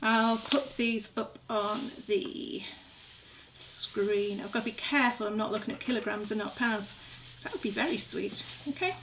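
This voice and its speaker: A middle-aged woman, a gardening vlogger, chats casually in her home kitchen while demonstrating a recipe, poking fun at herself as she works. Her mid-range voice is a bit bright, with fairly even intonation and a normal pace. Background noise is audible in the recording.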